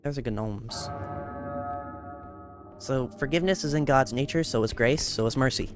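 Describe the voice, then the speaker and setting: A man streaming a game while chatting about Christian faith, explaining scripture earnestly and gently cautioning viewers. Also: mid-range voice, fast talker, over music. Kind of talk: casual faith chat while gaming.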